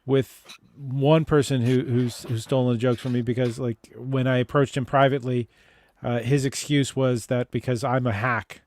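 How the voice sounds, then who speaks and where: A man, a stand-up comedian co-hosting a casual chat over a video call, speaking in a measured, reflective way with frequent hesitations. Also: mid-range voice, little pitch movement, a little mellow, dry recording.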